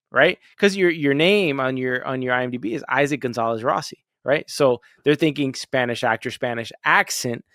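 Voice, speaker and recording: A man's voice: medium pitch, a bit bright, no echo, clean studio sound. A man from Miami hosting a podcast, chatting casually with his guest and often checking in with "right?". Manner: conversational, tags questions with right. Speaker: podcast host. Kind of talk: casual interview chat.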